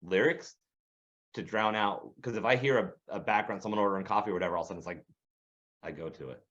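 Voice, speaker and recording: A man's voice: on the low side, fast talker, muffled recording. A man co-hosting a podcast, telling a story in casual chat and acting out the voices of people he quotes. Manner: animated, acts out quoted voices. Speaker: podcast co-host.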